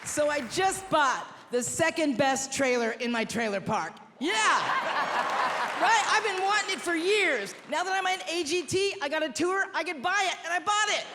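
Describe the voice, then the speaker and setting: A woman performs stand-up with a brash, punchy, self-mocking delivery in a high voice. She is on a big stage, her voice ringing through a long reverberant hall. A noisy live crowd roars behind her. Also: animated, moderate pace. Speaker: stand-up comedian. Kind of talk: stand-up comedy routine. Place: large theater stage. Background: laughing, cheering audience.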